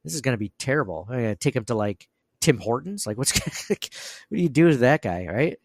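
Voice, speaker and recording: A man's voice: mid-range voice, lively intonation, brisk, slight background noise. Rambling, laughing male podcast host. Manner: rambling, self-deprecating, laughs a lot. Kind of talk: casual podcast chat.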